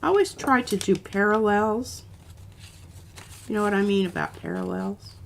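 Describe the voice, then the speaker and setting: A woman's voice: mid-range voice, animated, moderate pace, slight background noise. A woman hosting a casual craft demo, chatty and rambling, with an occasional cough. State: coughing now and then. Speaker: art stream host.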